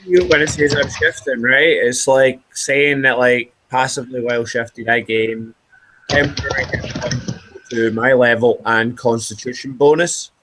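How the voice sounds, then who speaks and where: A man's voice: medium pitch, fairly even intonation, unhurried, noisy background. A man playing a tabletop game, asking about the rules in a careful, checking way. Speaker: player.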